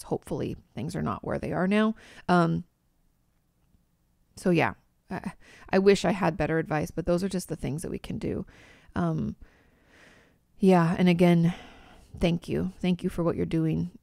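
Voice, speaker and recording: A woman's voice: on the low side, gravelly, dark tone, dry recording, studio quality. A woman in her thirties hosting an advice podcast as a therapist, direct and reassuring, with some casual swearing. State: a bit shaky from shaking her body while talking.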